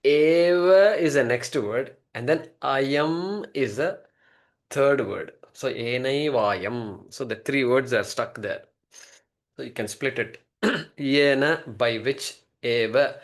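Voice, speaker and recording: A man's voice: medium pitch, slow. A man giving a classroom lecture on a Sanskrit text, explaining word by word and posing rhetorical questions. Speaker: scripture teacher.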